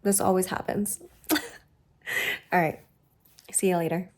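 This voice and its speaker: A woman's voice: lowish voice, little pitch movement, unhurried, a little mellow. A woman talking casually to her viewers in a vlog, upbeat and chatty. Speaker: vlogger.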